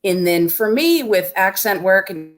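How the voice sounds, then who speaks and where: A woman's voice: medium pitch, expressive, unhurried, faint music behind. A middle-aged woman, an actor guest in a casual interview, talking with dry, wry humor.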